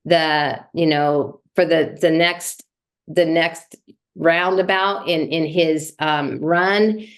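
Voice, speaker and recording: A woman shares her reactions in a casual team meeting. Her speech rambles with frequent fillers, and her voice sits on the low side. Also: steady tone, slow pace. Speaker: meeting participant. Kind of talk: casual chat.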